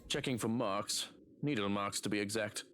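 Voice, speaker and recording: A man voicing a calm, protective male servant who speaks in a measured, businesslike way. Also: on the low side, a little hiss or hum, voice pushed down, close to an everyday voice.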